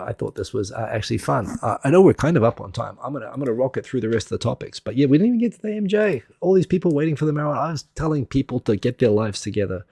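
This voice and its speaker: A man's voice: medium pitch, vocal fry, darkish tone, breathy edge, no room sound, studio quality. A middle-aged man hosting a casual live stream, rambling and laughing at himself as he chats through topics. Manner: rambling, self-deprecating, laughs often.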